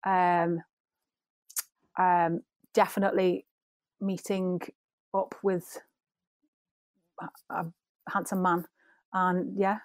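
A woman's voice: lowish voice, flat delivery, slow, pauses often, no echo. A woman in her thirties with a Scouse accent, chatting as a guest in a giggly, rambling way. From Liverpool. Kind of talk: casual interview chat.

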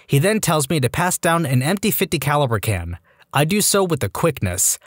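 A man narrating online stories for a podcast in a lively, expressive storytelling delivery, close on a studio mic. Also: a little high, moderate pace, breathy edge, no room sound.

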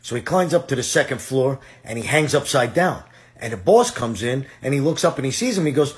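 A man telling a joke with a lively delivery, acting out the characters. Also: medium pitch, brisk.

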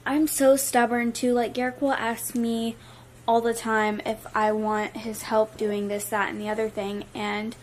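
A woman's voice: a little high, level tone, unhurried, a little hiss or hum. A young woman chatting casually to her viewers in a vlog, nauseous and worn down, filling her talk with "like". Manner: chatty, many "like" fillers. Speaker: vlogger. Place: at home with a baby.

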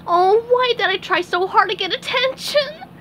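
A woman voicing a cheerful, goofy male sea sponge in a storybook reading, excitable and over the top. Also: very high-pitched, slow pace, slight background noise, pitched above the performer's own voice, full character voice. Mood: wailing sad.

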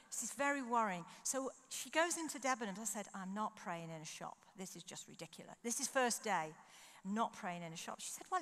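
A woman speaker at a conference, preaching through an animated personal story and acting out her own thoughts. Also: mid-range voice. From United Kingdom. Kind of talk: sermon with storytelling. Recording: long hall reverb.

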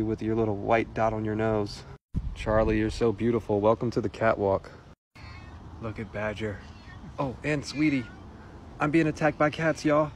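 A man with an American accent walking outdoors through neighborhood streets, talking to cats in a sing-song baby-talk voice and filming on a phone. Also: lowish voice. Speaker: vlogger. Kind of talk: casual vlog talking to cats. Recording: clear street noise behind.

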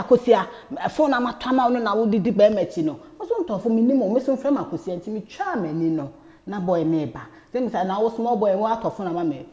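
A Ghanaian woman in her thirties, a talk show guest telling a personal story in lively casual chat, often repeating words as she goes. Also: sits low. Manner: animated, repeats words, laughs while telling.

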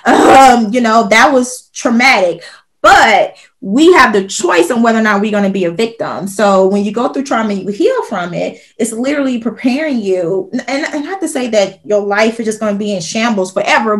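Affirming woman podcast host. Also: a little high. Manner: affirming, reflective, encouraging commentary. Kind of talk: casual interview conversation.

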